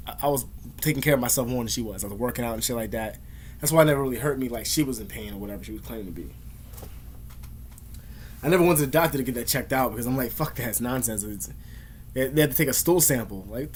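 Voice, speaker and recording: A man's voice: medium pitch, a little hiss or hum. A man ranting casually to camera in rambling, profane slang. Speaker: vlogger.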